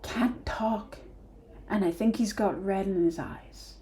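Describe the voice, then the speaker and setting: A woman's voice: medium pitch, takes it slowly, dark tone, close to an everyday voice. Woman doing a young male orc. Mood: whispering.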